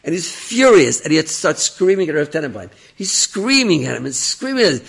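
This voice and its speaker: A man telling a story in an animated way, switching into acted voices, with a raspy, gravelly voice. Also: a little high, a little fast, few pauses. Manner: animated, slips between narration and acted voices, laughs at his own jokes. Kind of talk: oral storytelling.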